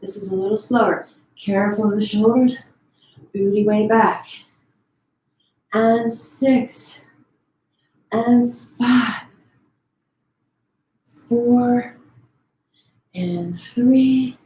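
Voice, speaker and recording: A woman leading a Pilates class from home, counting down reps and giving quick form cues, a bit out of breath. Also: on the high side, dark tone. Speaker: pilates instructor. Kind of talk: live online fitness class cueing. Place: her home. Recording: echoey room.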